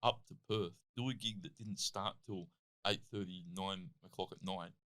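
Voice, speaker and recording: A man's voice: deep voice, moderate pace. An Australian man in his thirties telling stories as a guest in a casual interview, peppering his talk with "like". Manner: animated, lots of "like" and "I'm like". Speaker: guest, athlete and comedian.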